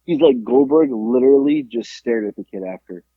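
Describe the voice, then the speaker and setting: A man's voice: mid-range voice, moderate pace, husky, no echo. A man co-hosting a podcast, telling a story in casual chat and acting out the people he quotes, with some swearing. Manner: animated, acts out quoted voices, swears. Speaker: podcast co-host. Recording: tinny phone-like sound.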